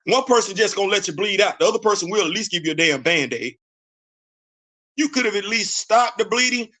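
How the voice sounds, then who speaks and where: A man's voice: high-pitched, expressive, fairly quick, sharp tone. A middle-aged American man hosting a show, delivering a heated, blunt political rant. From United States. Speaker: host.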